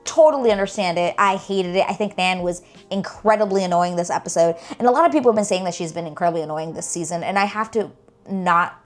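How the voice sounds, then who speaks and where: A young woman reacts to a TV show while chatting casually to camera, animated and exasperated, sprinkling "like" and "girl" throughout. She talks fast in a lowish voice over soft background music.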